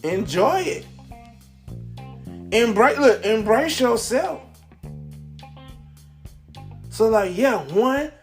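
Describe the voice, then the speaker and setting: A man in a casual motivational talk to camera, rambling and repeating words, with many fillers, recorded indoors at home. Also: very high voice. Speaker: vlogger. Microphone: camera in front of him.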